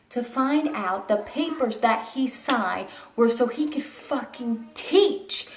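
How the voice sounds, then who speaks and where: A young woman vlogger casually telling a story to camera, animated and blunt, acting out the quotes and swearing now and then. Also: on the high side, a little slow, few pauses, slight background noise. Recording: echoey room, voice a bit far from the mic.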